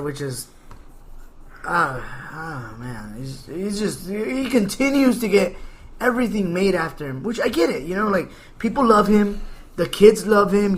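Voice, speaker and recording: A man hosting a casual podcast, ranting playfully and joking with his guest. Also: high-pitched. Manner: animated, ranting, jokey. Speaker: podcast host.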